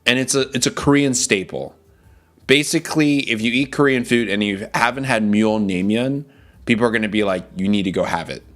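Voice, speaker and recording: A man's voice: medium pitch, fairly quick, fairly bright tone. A man streaming casually, talking enthusiastically about food and greeting his chat. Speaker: VTuber streamer.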